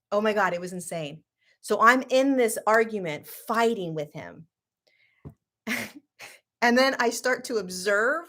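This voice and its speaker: A woman hosting a casual talk, telling a personal story in an animated, laughing way that swings between loud and hushed. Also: fairly high pitch. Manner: frequent 'like' and restarts, sarcastic. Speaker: host.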